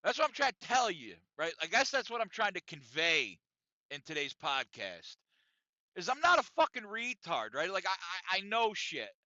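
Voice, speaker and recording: A man's voice: high-pitched, very animated, moderate pace, pushed and bright, dry recording. A man hosting his own podcast, talking bluntly and confessionally with a lot of profanity. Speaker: podcast host. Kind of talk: casual monologue podcast. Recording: dry, dull lo-fi sound.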